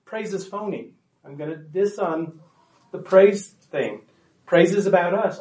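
A man's voice: high-pitched, a little slow, a little mellow, roomy sound, distant mic, rough recording. A man presenting a workshop to parents, talking conversationally and emphatically and often checking in with the room.

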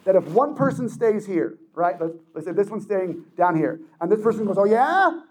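A man with a high, soft-edged voice speaks to a young audience in an animated motivational talk. He jumps into quoted voices and laughs often as he explains. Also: normal speed, rough recording. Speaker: speaker addressing teens.

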